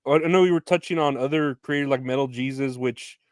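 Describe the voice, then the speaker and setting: A man's voice: mid-range voice, quick pace, smooth, no echo, clean studio sound. A man hosting a podcast interview, chatting in a rambling, hesitant way with lots of fillers. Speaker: podcast host. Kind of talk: casual interview chat.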